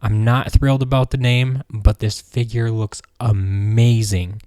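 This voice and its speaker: Low, mellow-voiced man hosting fan news. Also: measured pace, dry recording, studio quality. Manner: relaxed, rambling with many ums. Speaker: host of a fan news show. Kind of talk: casual news roundup.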